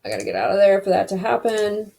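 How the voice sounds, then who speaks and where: A woman's voice: mid-range voice, sing-song, fast talker, creaky, warm tone, breathy edge. A woman hosting a casual screen-recorded web design tutorial, chatty and thinking aloud as she clicks through each step.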